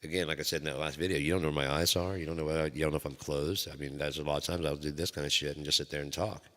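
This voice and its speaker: Host type: a very low-voiced man telling stories in a loose, profane ramble, with a reverb tail. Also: fairly even intonation, racing, a bit bright. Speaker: channel host. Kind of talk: rambling solo talk. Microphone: microphone. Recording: long hall reverb.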